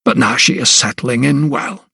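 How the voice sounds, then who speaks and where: A man's voice: expressive, moderate pace, gravelly, pushed and bright, husky, dry recording, clean studio sound, full character voice. A man voicing an elderly male asylum principal who is arrogant and dismissive, speaking in a raised, condescending tone in an audiobook. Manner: condescending, pitched higher.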